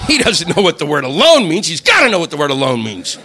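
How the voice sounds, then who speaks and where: A man's voice: fairly high pitch, wildly swooping pitch, fairly quick, hardly any pauses, pushed and bright, slight background noise. A man doing a profane stand-up routine, incredulous and acting out voices. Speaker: stand-up comedian.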